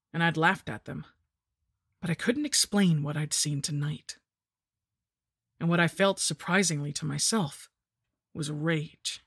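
A woman narrating a first-person gothic horror story in a measured, dramatic storytelling manner. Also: deep voice, slightly rough, dry recording, studio quality.

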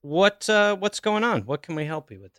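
Bright, clear-voiced male podcast host. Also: sits high, sing-song, normal speed, no echo, clean studio sound. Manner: playful, teasing. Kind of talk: joking call-in podcast chat.

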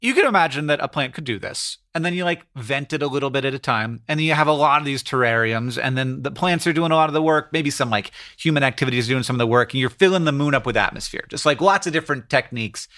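A man co-hosting a podcast in casual chat, explaining ideas in a rambling, excitable way full of fillers. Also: mid-range voice, fast, hardly any pauses, no echo, clean studio sound. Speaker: podcast co-host.

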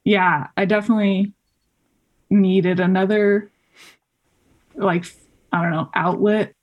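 A young woman from Colorado, a podcast guest telling stories in a chatty way, full of fillers and quick acted-out quotes. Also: medium pitch, steady tone, highs cut off. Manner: chatty, many fillers, acts out quoted voices. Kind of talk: casual interview chat.

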